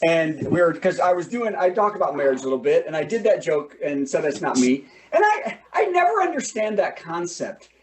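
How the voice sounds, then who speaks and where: A man doing stand-up comedy on a video call, telling lively jokes and stories. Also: on the high side, brisk, few pauses, far from the mic, slight background noise, poor audio. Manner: animated, joking, lively storytelling.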